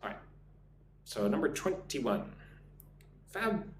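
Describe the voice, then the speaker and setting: Lively-voiced male English teacher, roomy. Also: medium pitch. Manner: slow, deliberate pronunciation drilling; encouraging, thanks viewers by name. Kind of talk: live-streamed English lesson. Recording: roomy echo with faint hum.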